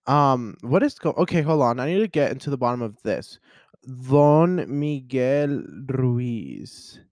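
A young man chatting casually on his own as a podcast host, rambling, excitable and often cutting himself off mid-thought. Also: medium pitch, fairly quick, no room sound. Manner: rambling, self-interrupting, excitable. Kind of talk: casual solo chat.

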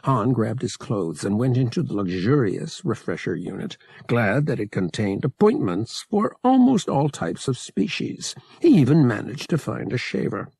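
A man reading a novel aloud as an audiobook narrator, measured and expressive. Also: medium pitch, vocal fry, husky, no room sound.

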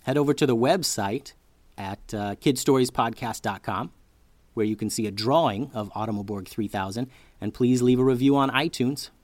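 A man's voice: medium pitch, moderate pace, no echo. A man hosting a children's story podcast who narrates expressively, like a storyteller for kids.

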